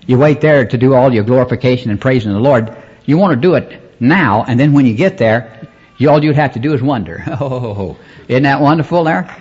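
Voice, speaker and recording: Husky-voiced male preacher, rambling sermon with congregation call-outs, muffled cassette sound. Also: mid-range voice. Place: church service. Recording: dull lo-fi cassette recording.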